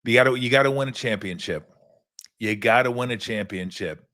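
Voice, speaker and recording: A man's voice: mid-range voice, brisk, a bit bright. An older man hosting a sports talk show, rambling in a casual monologue with profane, sarcastic asides.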